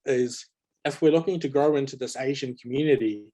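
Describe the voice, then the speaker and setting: A man moderating a panel discussion in a relaxed, conversational way. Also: medium pitch, a little fast. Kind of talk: panel moderation on a video call.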